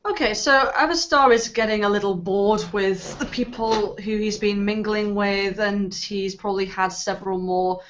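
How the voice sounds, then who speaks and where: A woman at mid pitch talks through her character's moves at a tabletop game, loose and chatty with plenty of ums. The recording is a bit dull and lo-fi. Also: fairly even intonation, normal speed, few pauses, slight background noise. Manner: chatty with many fillers. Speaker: player. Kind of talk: tabletop role-play chat.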